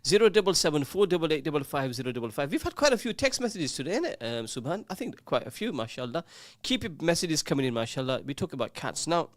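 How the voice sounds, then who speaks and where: A man's voice: fairly high pitch, sing-song, quick pace, hardly any pauses, no echo. A man presenting a casual radio show, chatting, teasing his co-host and reading out listener messages. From England. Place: radio studio. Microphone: studio microphone.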